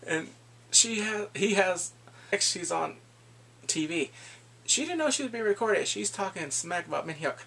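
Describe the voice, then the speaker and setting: A man casually recapping drama episodes, animated and laughing often, acting out the characters' lines. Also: high-pitched, measured pace, gravelly, husky. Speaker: drama reviewer.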